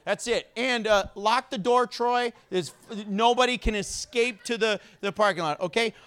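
A pastor preaching to his congregation in a church, playful and full of energy as he jokes at his own expense. His voice sits high for a man and sounds bright. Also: normal speed, smooth. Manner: playful, self-mocking, energetic. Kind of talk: sermon.

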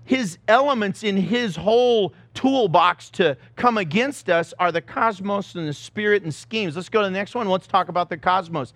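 Casting note: middle-aged male pastor, high voice, lively self-mocking storyteller, dry close sound. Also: dry recording. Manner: animated storytelling, self-mocking, acts out the scenes. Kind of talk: sermon.

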